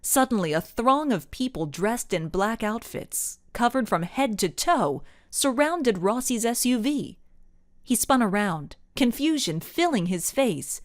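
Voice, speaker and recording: Expressive woman narrating a storybook. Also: on the high side, a little slow, no echo, studio quality. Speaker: audiobook narrator. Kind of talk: scripted narration.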